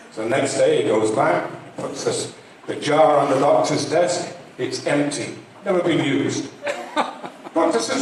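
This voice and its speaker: An older man tells one joke after another, his fairly high voice bouncing lively up and down as he acts out each character. It is recorded from far off in a very echoey hall, with faint noise underneath. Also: a little slow. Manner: lively storyteller who acts out every voice. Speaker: joke teller at a community show. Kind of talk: stand-up joke telling.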